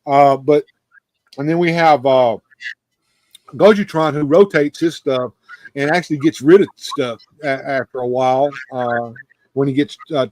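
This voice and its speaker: A man's voice: a little high, darkish tone, no echo. A man hosting a loose, unscripted chat show, talking in a rambling way with many restarts. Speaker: host. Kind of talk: casual chat.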